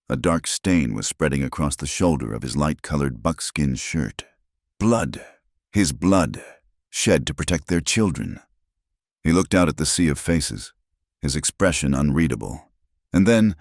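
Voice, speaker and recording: Narrator: man, extremely low voice, measured dramatic storytelling, dry close sound. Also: a little mellow, dry recording.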